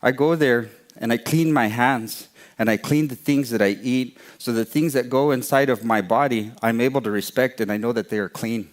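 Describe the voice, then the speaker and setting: A man's voice: medium pitch, normal speed, lightly acted. A man doing an amused wise raccoon. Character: huge laughing male raccoon, teasing and wise.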